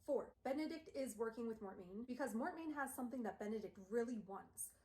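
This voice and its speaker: A woman's voice: fairly high pitch, expressive, brisk, darkish tone. Chatty young woman in an echoey room. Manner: chatty, filler-heavy. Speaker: streamer. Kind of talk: casual book recap on a live stream.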